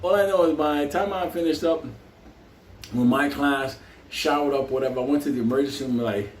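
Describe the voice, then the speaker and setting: Hosting his own show, a man rambles through a heavily profane story, laughing frequently as he goes. He speaks at a moderate pace in a mid-range voice, and the audio is distant and roomy with a slight hiss.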